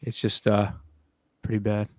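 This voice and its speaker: A man's voice: fairly low pitch, monotone, measured pace, a little mellow, dry recording, clean studio sound. A young man hosting a podcast, talking in a rambling, casual way with lots of swearing and fillers. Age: young adult. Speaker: podcast host. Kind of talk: casual chat.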